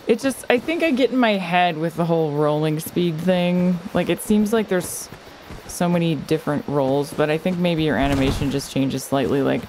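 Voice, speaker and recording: A woman commenting on her game as she plays, talking back to the enemies and the game itself. Her pitch swings widely, though she talks at an easy, slow pace. A clear hiss of noise sits behind her voice. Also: a little mellow. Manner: chatty, talks to the game and enemies, quick exclamations. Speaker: gamer streamer. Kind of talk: casual let's-play commentary.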